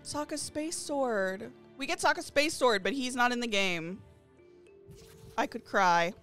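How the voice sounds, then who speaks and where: A woman streaming a game live, chatting to her viewers and gushing excitedly over new items. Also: a little high, a little slow. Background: faint game lobby music.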